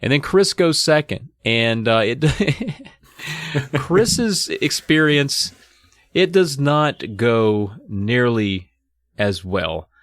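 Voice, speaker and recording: A man's voice: medium pitch, extremely slow, no echo. A man hosting a casual book discussion podcast, retelling the story and reading excerpts aloud. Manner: reads excerpts aloud, lively voices for characters. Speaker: podcast host.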